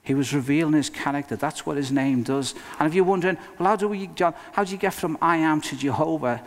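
A male pastor preaching a sermon in an earnest, emphatic way, with dramatic pauses. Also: a little high. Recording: long reverb of a hall.

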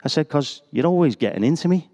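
A man's voice: a little high, expressive, fast talker, dark tone. A middle-aged man, preaching a sermon full of personal stories and self-deprecating jokes. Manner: chatty, self-deprecating, joking asides.

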